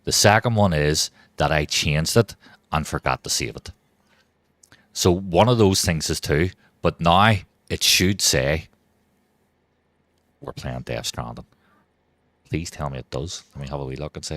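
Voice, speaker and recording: A man with an extremely deep, low voice chats through a live game stream, rambling from one thought to the next and swearing freely. The sound is dry and close, with no room around it. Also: a bit bright, no echo. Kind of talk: casual live-stream chat.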